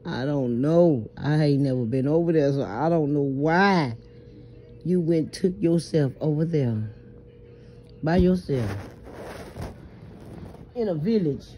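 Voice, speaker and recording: A New Orleans woman takes her time, pausing often, as she rambles a late-night confession into her phone from bed. Her low, warm voice has lively intonation, and she stammers, swears freely and speaks with emphasis. Soft music plays behind the muffled, lo-fi phone audio.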